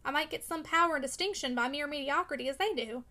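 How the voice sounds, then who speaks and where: A brooding young man, bitter and earnest, pressing his case with vehemence in a storybook reading, as a woman reads him. The voice sits high and bright and moves along at a quick clip. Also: full character voice, low-quality recording. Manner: vehement, pleading.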